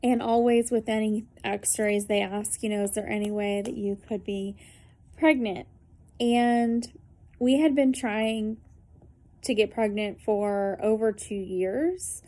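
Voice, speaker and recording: A woman's voice: medium pitch, fairly even intonation, slow pace, warm tone. A woman in her thirties talking casually and earnestly to camera, with many fillers, about something she lived through. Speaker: vlogger sharing a personal story. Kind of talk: casual spoken testimony to camera.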